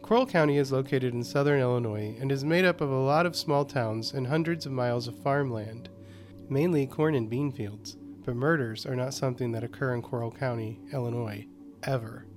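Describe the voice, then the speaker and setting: A man hosting a horror podcast and narrating a scripted short story in a calm, even delivery. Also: mid-range voice, brisk, faint music behind.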